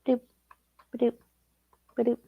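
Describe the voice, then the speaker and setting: A woman with a Southern US accent, hosting a stream and chatting casually with relaxed, playful asides. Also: unhurried, narrow, tinny audio. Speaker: streamer host.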